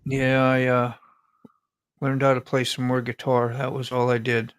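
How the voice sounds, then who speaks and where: A man's voice: mid-range voice, completely flat delivery, measured pace, clear, resonant tone. A man hosting a live stream, chatting casually in a joking, rambling way and laughing often. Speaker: livestream host.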